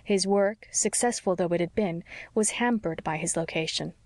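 A woman narrating a classic novel as an audiobook, with a measured and gentle delivery. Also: on the low side, no echo. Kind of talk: scripted narration.

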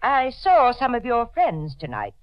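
An actress playing a stern older aunt who runs a nursery school, imperious and scolding, in old-time radio drama style. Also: female voice, a little high, wildly swooping pitch, measured pace, no room sound. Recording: dull lo-fi old radio recording.

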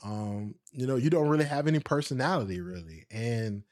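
A man hosting his own podcast, telling a personal story in a casual, animated way, with frequent laughs and asides to his listeners. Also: medium pitch, brisk. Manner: speaks straight to listeners. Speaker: podcast host.

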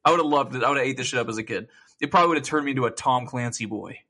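A young man co-hosting a casual gaming podcast, telling stories in an animated way, full of swearing and laughter. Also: mid-range voice, very fast. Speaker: podcast co-host.

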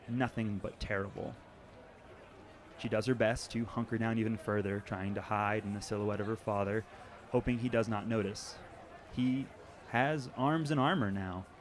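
Male game master narrator, low voice, faint noise behind. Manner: descriptive, storytelling.

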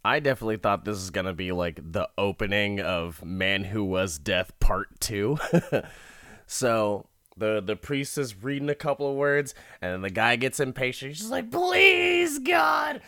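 A man's voice: lowish voice, normal speed, a bit bright, clean tone, dry recording, clean studio sound. A man casually recapping a movie, laughing often, swearing freely and rambling.

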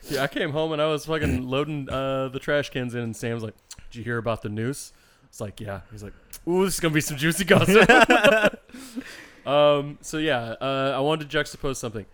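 A man chatting casually on a podcast, swearing freely and laughing as he tells his story. His voice is smooth and resonant, at an ordinary middle pitch. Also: normal speed, fairly bright tone. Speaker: podcast co-host.

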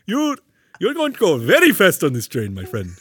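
A man putting on a high, loud voice for an overeager male ride operator with an exaggerated put-on accent and a sing-song delivery. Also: huge pitch swings, brisk, husky, full character voice. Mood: cheerful.

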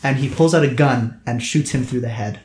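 A man narrating a tabletop game as game master in a casual, animated way. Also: mid-range voice, brisk, background noise. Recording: roomy echo.

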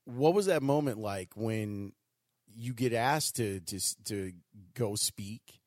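A man's voice: on the low side, a little mellow, dry recording, clean studio sound. A man interviewing a guest, asking questions with a few stumbles and restarts. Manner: halting, restarts mid-question.

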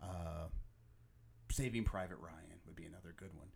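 A man hosting a podcast, chatting casually and excitedly about a movie, often quoting its lines. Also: sits low, normal speed, creaky, breathy edge. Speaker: podcast host.

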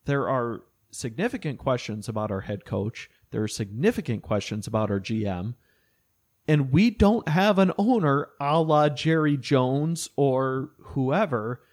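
Measured man on a sports podcast. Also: medium pitch. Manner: measured, even-toned, with sarcastic asides. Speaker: podcast co-host. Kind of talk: casual sports podcast chat.

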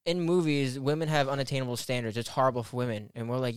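A man's voice: mid-range voice, fairly even intonation, quick pace, clean tone, no room sound, studio quality. Exasperated man co-hosting a podcast. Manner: exasperated, swearing, laughing often. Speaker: podcast co-host. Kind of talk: casual chat.

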